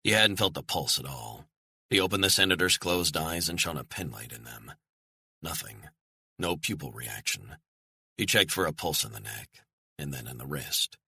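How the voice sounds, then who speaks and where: Male audiobook narrator, deep, husky, dry close sound, thriller storytelling. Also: no room sound. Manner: measured, lively storytelling.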